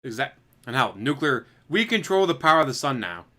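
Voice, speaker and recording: Man, bright mid voice, casual speculative rambling, relaxed chat. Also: medium pitch, brisk. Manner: speculative, musing, chuckling asides.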